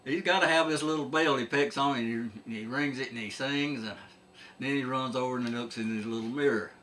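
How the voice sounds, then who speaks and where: A man voicing a pet store owner with a chirpy sales pitch, pushing one more add-on. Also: brisk, fairly bright tone, a little hiss or hum, lightly acted. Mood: eager. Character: eager middle-aged male pet store owner, pitching extras.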